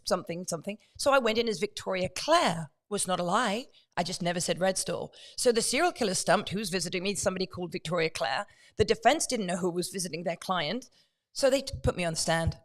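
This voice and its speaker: Woman guest on a talk show, spinning a story, acts out the quotes, mid-pitched voice. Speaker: guest, true crime author.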